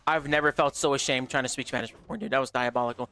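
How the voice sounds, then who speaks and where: A man's voice: medium pitch, fairly even intonation, racing, pushed and bright, clear, resonant tone. A man streaming a game live, chatting brashly with his viewers, swearing and joking as he plays. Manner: brash, profane, joking, talks straight to chat. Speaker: gaming streamer. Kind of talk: casual livestream chatter.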